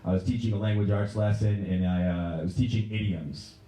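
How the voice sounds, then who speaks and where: A young man from Pennsylvania doing a stand-up routine in a Pennsylvania accent, telling stories deadpan and breaking into raised voices for other people. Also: on the low side, a little fast, recorded from a distance. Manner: deadpan storytelling, acts out characters in raised voices. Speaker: stand-up comedian. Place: movie theater stage. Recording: echoey room.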